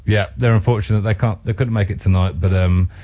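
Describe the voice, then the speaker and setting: A man hosting a radio show in a casual chat, relaxed and thankful, talking slowly with fillers. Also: fairly low pitch. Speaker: radio host.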